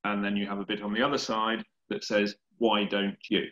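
A man's voice: on the low side, little pitch movement, a little fast, a bit bright, roomy sound, lo-fi sound. A man hosting a podcast, asking a guest about his book in a chatty way. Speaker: podcast host. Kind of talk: interview questions.

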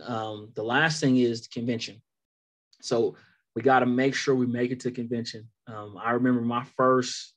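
A man giving a casual sales training talk, laid-back and laughing between points. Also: mid-range voice. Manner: animated storytelling.

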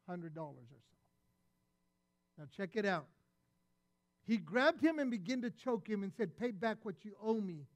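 A man preaching a sermon as pastor, retelling a parable and acting out its voices with animated delivery. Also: high-pitched, no echo.

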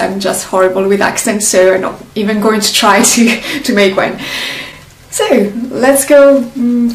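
A woman from northern Italy with a Northern Italian accent, a native Italian speaker, teaching a slow, deliberate beginner language lesson in English and drilling words with pauses. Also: medium pitch, echoey room, distant mic, poor audio.

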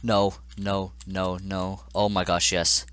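A man's voice: sits low, level tone, takes it slowly, fairly bright tone, smooth. Frustrated young man playing a game. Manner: frustrated, exclamatory, talking to the game. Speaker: gaming channel host. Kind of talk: let's play commentary.

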